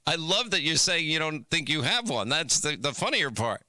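Bright, crisp-voiced male radio host. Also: fairly high pitch, lively intonation, dry recording. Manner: quick, stammering restarts. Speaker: radio talk show host. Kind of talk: call-in radio talk. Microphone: studio microphone.

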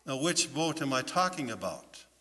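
A man preaching as a pastor in a church, telling a story in an animated way and putting questions to his listeners. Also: medium pitch, moderate pace. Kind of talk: children's sermon storytelling. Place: church sanctuary. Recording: long church reverb.

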